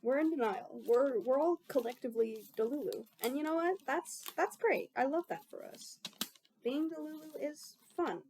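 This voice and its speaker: A woman's voice: high voice, expressive, normal speed, hardly any pauses, a little mellow, slight background noise. A young woman chatting casually while she bakes in her kitchen, rambling and mocking herself, swearing freely. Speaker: baking vlogger.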